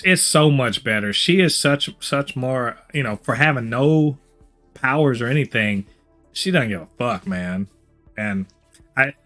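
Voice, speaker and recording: A man's voice: medium pitch, bright, forceful tone. A man co-hosting a TV review podcast, chatting animatedly with lots of swearing and restarts. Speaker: podcast co-host. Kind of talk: casual review chat.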